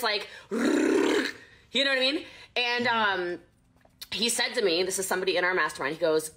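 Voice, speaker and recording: A woman in casual podcast talk, boastful and animated, who laughs often. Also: mid-range voice, moderate pace. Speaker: podcast guest, network marketer. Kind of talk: casual conversational storytelling.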